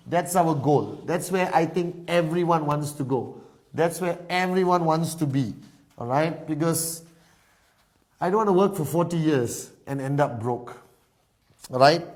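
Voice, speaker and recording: A man with a slightly raised voice gives a whiteboard business talk. He delivers it in short emphatic bursts and checks in with the listener every few phrases. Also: on the high side. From Malaysia. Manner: punctuates phrases with a repeated "all right?". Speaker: network marketing presenter.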